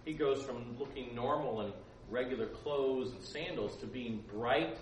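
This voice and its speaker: A man's voice: medium pitch, measured pace, a little hiss or hum. A man informally teaching a Bible story to a group, chatty, with stumbling restarts and joking asides. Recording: roomy sound, speaker far from mic, faint ambience.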